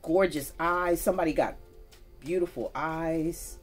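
Woman, low register, tarot reader; casual, folksy, direct to viewers, faint music underneath. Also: measured pace. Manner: chatty, folksy, talks straight to viewers with y'all. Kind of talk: casual spoken tarot reading.

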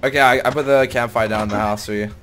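A man's voice: mid-range voice, fast talker. Man chatting over noisy game audio. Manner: excitable, shouts when startled. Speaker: gaming video host. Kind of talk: casual gaming chat.

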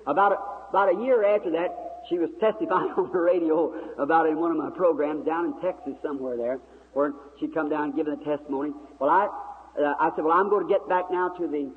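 A man's voice: on the high side, fairly even intonation, brisk. A man preaching a sermon, telling a story in a folksy, vivid way and acting out the dialogue. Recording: tinny old recording in a reverberant hall, faint hiss.

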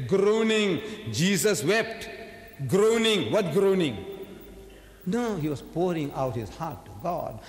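A man's voice: high voice, sing-song, takes it slowly. Male lecturer, emphatic and rhetorical, recorded echoey and roomy from far off. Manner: emphatic, rhetorical, swings between loud and soft. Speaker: religious lecturer. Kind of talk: public lecture.

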